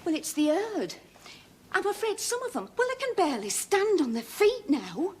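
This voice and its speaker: A woman's voice: mid-range voice, sing-song, normal speed, slight background noise, natural voice. An actress playing a polite, hesitant farm woman, worried about her herd.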